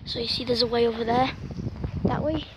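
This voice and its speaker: A woman's voice: fairly high pitch, fairly even intonation, fairly quick. A young woman vlogging outdoors while walking her dog, pleading and exasperated as she coaxes him along, recorded on a handheld camera. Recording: loud outdoor noise on camera mic.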